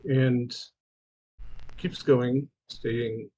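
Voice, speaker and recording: Male game master, slow measured narration. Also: mid-range voice, fairly even intonation, dark tone, poor audio.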